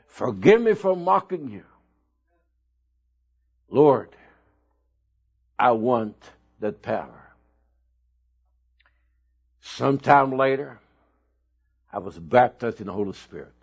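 A man preaching a sermon, telling his own testimony slowly and with emphatic bursts of loudness. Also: medium pitch, vocal fry, husky. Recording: dull lo-fi recording.

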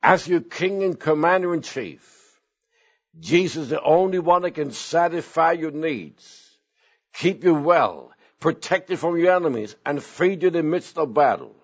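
A middle-aged or older man preaching a sermon as pastor, earnest, with sudden swings in pitch and slow emphatic phrases. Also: lively intonation. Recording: dull lo-fi sound.

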